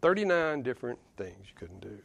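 A man's voice: mid-range voice, sing-song, fairly quick, creaky, fairly bright tone, muffled recording. A man with a Southern US accent preaching a sermon in a conversational, emphatic way, chuckling between points. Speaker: pastor.

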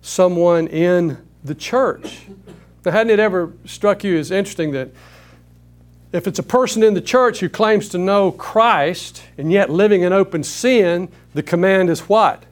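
A man's voice: high voice, a little slow. A man leading a Bible study, teaching emphatically with rhetorical questions.

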